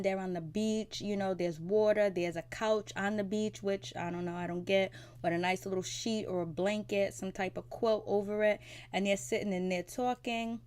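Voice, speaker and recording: A woman's voice: mid-range voice, a little mellow. A woman hosting a casual TV recap vlog, chatty and opinionated, with many "like" and "you know" fillers. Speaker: TV recap vlogger.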